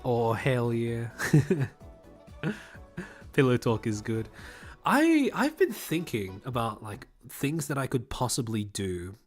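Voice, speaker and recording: A young man from Australia with a polished Australian accent, chatting casually on a livestream. He rambles, laughs often, repeats words as he starts sentences, and enunciates crisply. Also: mid-range voice, very animated, slow, faint music behind. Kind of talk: casual livestream chat, reading chat.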